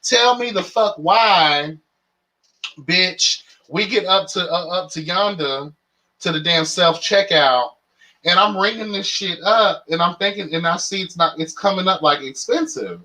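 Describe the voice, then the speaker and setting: A man's voice: sits high, moderate pace, bright, forceful tone. A man hosting his own channel, telling a story as a casual rant, profane, sassy and dramatic. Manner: exasperated, dramatic retelling. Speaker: channel host.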